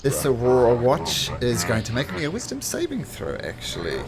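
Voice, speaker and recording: A man running a tabletop game as game master, narrating animatedly with chuckles and quick self-corrections. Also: mid-range voice, wildly swooping pitch, creaky, very noisy.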